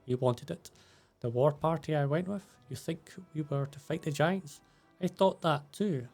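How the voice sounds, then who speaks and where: A man reading the lines of a fierce young female barbarian warrior aloud from game subtitles, keeping his own gravelly voice. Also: on the high side, a little slow, a little mellow, faint music behind. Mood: bitter.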